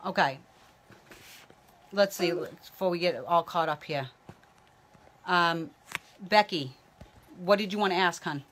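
A woman's voice: on the low side, measured pace, pauses often, a bit bright, a little hiss or hum. A woman psychic medium giving live-streamed readings, chatting loosely and calling out viewers by name. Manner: talks while a baby tugs at her hair.

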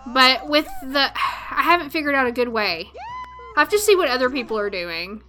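With faint music playing behind her, a Southern-accented woman livestreams a life-sim game, commenting casually, laughing a lot, and addressing her chat. She speaks at a moderate pace in a high, expressive voice that sounds pushed and bright.

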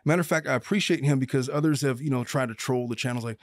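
A man's voice: medium pitch, fast, dry recording, studio quality. A man hosting a podcast as a lawyer, talking through a case in a blunt, opinionated and emphatic way. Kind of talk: casual legal commentary chat.

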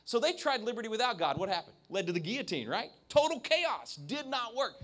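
Very high-pitched and very animated, a man speaks briskly with a slightly bright tone. He's the keynote speaker at an evening event venue, using a handheld microphone, pressing his points and restarting often.

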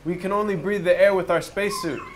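A man's voice: high voice, fairly even intonation, fast talker, a little hiss or hum. Man giving a reflective spiritual talk. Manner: conversational storytelling with rhetorical questions. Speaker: speaker at a retreat. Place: outdoors near a river.

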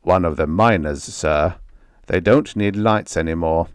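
A man voicing a steady, deferential male mine foreman who speaks plainly and respectfully. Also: low voice, measured pace, clean tone, no room sound, clean studio sound. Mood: matter-of-fact. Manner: plain, respectful, matter-of-fact.

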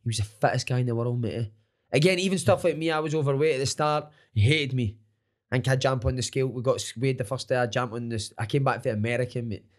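Scottish coach guy, middle-aged, swears a lot, lively stories, mid-pitched voice. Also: fast. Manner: blunt, sweary, animated storyteller. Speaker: football coach and former player. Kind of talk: casual interview chat.

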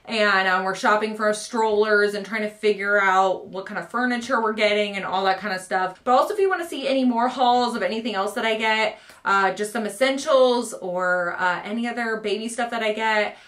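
A woman's voice: medium pitch, a little fast, few pauses, fairly bright tone. A young woman, talking to camera in a casual home vlog, bubbly and gushing with frequent laughs. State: pregnant. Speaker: vlogger showing a baby haul.

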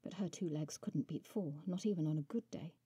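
Dark, husky woman reading a story. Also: deep voice, a little fast, no echo. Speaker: author reading her story. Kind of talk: storybook narration.

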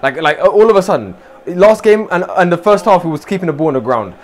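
High, animated gaming streamer. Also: male voice, quick pace. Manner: shouts, swears and groans at the players. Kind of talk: excited live gameplay commentary.

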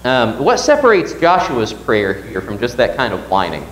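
A man's voice: mid-range voice, wildly swooping pitch, normal speed, echoey room, rough recording. A man teaching a Sunday Bible class at church, reading scripture aloud and asking the class questions.

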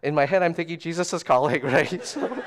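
A middle-aged man giving a storytelling sermon at a church service, chatty and self-deprecating, shifting between hushed asides and loud animated bursts. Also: on the high side, fairly quick. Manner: conversational, self-deprecating, often asks "right?". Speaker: guest preacher.

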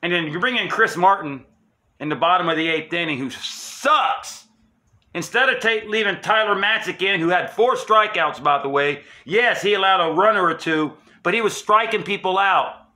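Male sports vlogger, high bright voice, heated emphatic rant with profanity. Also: lively intonation, moderate pace. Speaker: sports channel host. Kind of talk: angry fan rant.

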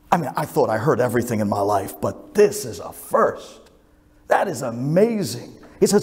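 A rabbi telling a story in an animated sermon, swinging between loud and hushed. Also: male voice, medium pitch, normal speed. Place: synagogue sanctuary. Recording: echoey synagogue hall.

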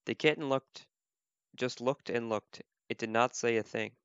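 A man reading a children's picture book aloud as a volunteer, gentle, slow and clear. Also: mid-range voice. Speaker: volunteer reader. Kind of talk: children's storybook read-aloud. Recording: dull, lo-fi dry recording.

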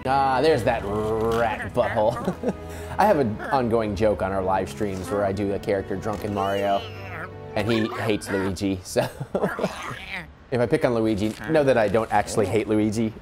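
With game music in the background, a man chats through a late-night let's play, keeping his voice low in volume. His pitch is fairly low and his delivery is expressive at a normal pace, full of rambling asides and frequent laughter.

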